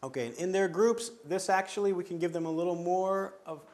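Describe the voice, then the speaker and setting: Male lecturer, slightly high voice, steady explanatory delivery, pauses to clear throat. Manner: measured, explanatory, frequent restarts and throat clearing. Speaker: teacher trainer. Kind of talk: lecture on teaching pronunciation.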